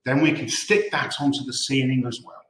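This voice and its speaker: A man voicing an excited male monkey father hurrying everyone with orders, in an echoey room. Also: mid-range voice, slight background noise, natural voice. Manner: hurried, shouting orders.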